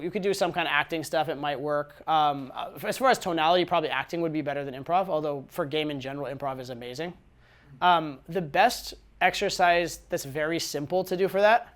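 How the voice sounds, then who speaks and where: A man giving casual dating advice, talking conversationally with repeated words and frequent "right?" tag questions. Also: a little high. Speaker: dating coach.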